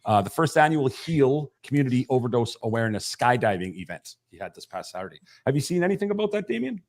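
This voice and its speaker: A man's voice: medium pitch, very animated, fast. A man hosting a live podcast stream in loose, jokey banter, swearing freely. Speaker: podcast host. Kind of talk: casual live-stream chat.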